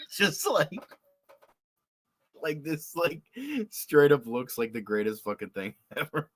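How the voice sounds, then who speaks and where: A man hosting a casual reaction show, excitable and rambling, swearing often and laughing. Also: on the high side, slow pace, pauses often, slight background noise. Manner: excitable, swears a lot, lots of filler words and laughs. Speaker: podcast host.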